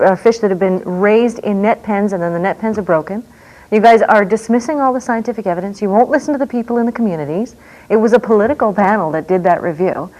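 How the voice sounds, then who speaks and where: A woman hosts a talk show with a mid-range voice. She moderates briskly, pushes the guests with challenges and cuts in with quick interjections. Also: medium pitch, dark tone, poor audio. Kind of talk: moderating a panel and call-in.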